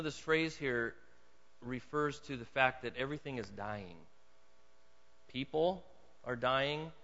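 A man preaching a sermon to a congregation, swinging from hushed storytelling to loud, emphatic points. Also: fairly high pitch, in a large hall, highs cut off. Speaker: pastor. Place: church hall.

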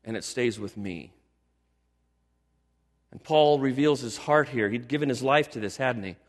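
An older man, a pastor, preaching a sermon with animated storytelling that builds to emphatic exhortation. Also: mid-range voice, unhurried, big-room sound.

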